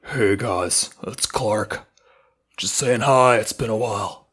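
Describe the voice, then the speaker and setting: A man co-hosting a comedy podcast with a playful, deadpan-silly delivery. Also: lowish voice, slow pace, husky. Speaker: podcast co-host.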